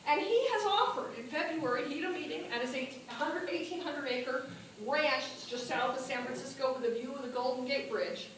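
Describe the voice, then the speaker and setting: A woman with a very high voice gives a lively speech at a party meeting and keeps asking the audience questions. She is recorded from across an echoey hall, with faint noise underneath. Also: normal speed, few pauses. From New Mexico. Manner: animated, asks the audience questions. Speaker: political speaker. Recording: echoey room from a distance.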